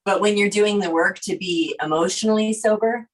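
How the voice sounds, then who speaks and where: A woman's voice: medium pitch, moderate pace. A woman co-hosting a podcast, speaking reflectively and rephrasing her thoughts as she goes. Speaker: podcast co-host. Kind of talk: conversational podcast talk. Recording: voice somewhat far from the mic.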